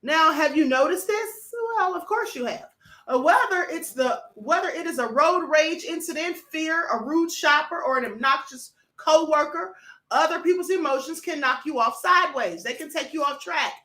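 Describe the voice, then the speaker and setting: A woman's voice: high voice, expressive, normal speed, pushed and bright, reverberant. A woman hosting a live stream for members, chatting casually, greeting viewers by name and calling them honey and beloved. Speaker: host. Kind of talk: livestream talk to members.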